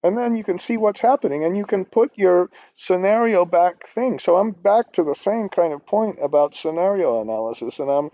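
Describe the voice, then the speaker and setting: A man's voice: high voice, lively intonation, moderate pace, hardly any pauses, warm tone, dry recording. Older male instructor, rambling and cranky, dull dry muffled sound. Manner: rambling, ranting, swears when annoyed. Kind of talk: screen-recorded spreadsheet tutorial.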